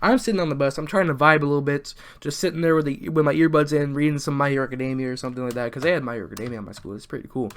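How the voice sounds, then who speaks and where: With a fairly high voice, this teen boy from the American South fires off words rapidly with few pauses. He is a YouTuber rambling through a jokey story over gameplay, restarting a lot and muttering at the game.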